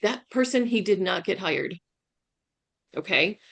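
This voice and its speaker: A woman's voice: mid-range voice, expressive, unhurried, vocal fry, fairly bright tone. A woman career coach giving a webinar talk over a video call, emphatic and often checking in with "right?". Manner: emphatic, keeps asking "right?". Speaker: career coach, guest speaker. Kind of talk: webinar presentation.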